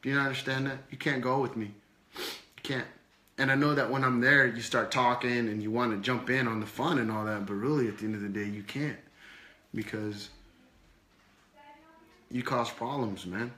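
Bright-voiced man preaching casually. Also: medium pitch, steady tone, normal speed, long pauses, reverberant. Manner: repetitive rhetorical questions, casual slang. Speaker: preacher and teacher. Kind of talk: informal sermon with a puppet.

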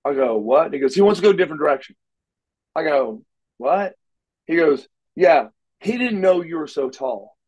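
This middle-aged man, once a wrestler, is a guest on an interview and spins his stories loosely and with energy, performing the lines of dialogue and frequently starting over. He has a slightly high, expressive, darkish voice and moves a little fast, captured in poor audio.

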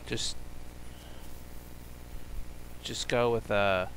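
A man commentating his own live game stream, talking things through to himself in an unhurried way. His voice is gravelly with a sharp, bright edge, and he swears freely when things go wrong. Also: fairly low pitch, steady tone, a little hiss or hum, low-quality recording. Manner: talks to himself, swears, bursts into loud frustrated outbursts.

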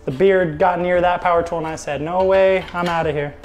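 A man's voice: sits high, fairly even intonation, brisk, darkish tone, natural voice. A man putting on a hammy, cheerful Irish accent as a jokey bearded builder. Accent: put-on Irish. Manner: playful, jokey sales patter. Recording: reverberant room, faint music.

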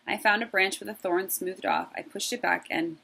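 A woman voicing a small brave mother mouse who speaks politely and earnestly, with a husky, gravelly voice. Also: medium pitch, fairly even intonation, moderate pace, sharp tone, full character voice.

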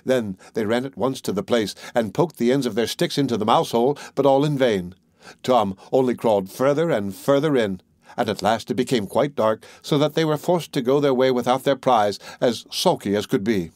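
A man narrating a fairy tale audiobook in a measured, even storytelling manner. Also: mid-range voice, dry recording.

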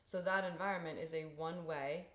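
A woman co-hosting a podcast, thinking aloud about coaching in casual chat with quick restarts. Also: on the low side, fairly even intonation, a bit bright, echoey room. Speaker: podcast co-host.

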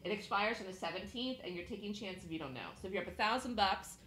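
A woman hosts a live trading room, coaching her listeners in a bright, forward voice. She talks fast and emphatically, hammers points home with repetition and breaks into laughter easily. The sound is echoey, with faint background noise. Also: mid-range voice.

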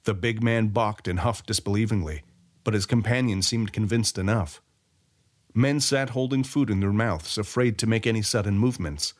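A man narrating a fantasy short story as an audiobook reader, in an expressive storytelling way. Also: lowish voice, moderate pace.

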